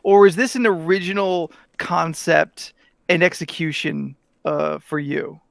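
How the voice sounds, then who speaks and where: A man with a gravelly voice trades quick, joking banter as a podcast co-host. He swears freely, and his voice sounds dry and close to the mic. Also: fairly high pitch, no room sound. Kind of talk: casual chat.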